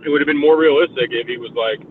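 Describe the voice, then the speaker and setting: A man's voice: a little high, quick pace. A man chatting casually on a group call, rambling and swearing freely in a laid-back way. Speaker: podcast co-host. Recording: tinny phone-like line with faint hiss.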